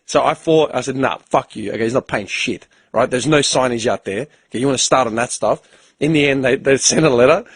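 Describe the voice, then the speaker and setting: Husky Australian man telling stories. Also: mid-range voice, fast, dry recording. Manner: profane, animated storyteller who acts out both sides of conversations. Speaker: podcast host. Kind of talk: casual storytelling chat.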